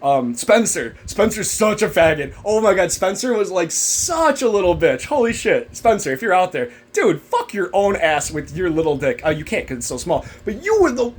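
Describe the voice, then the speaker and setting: A man's voice: high-pitched, very animated, moderate pace, few pauses, slight background noise. A young man ranting bitterly to camera about a former job, profane and rambling. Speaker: former warehouse worker. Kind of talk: angry rant to camera.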